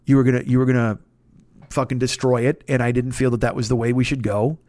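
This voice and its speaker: A man's voice: medium pitch, flat delivery, fast, a little mellow, no echo, clean studio sound. A man in his fifties hosting a comedy podcast, telling a long story in a casual, profane way, full of restarts and self-interruptions. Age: 50s.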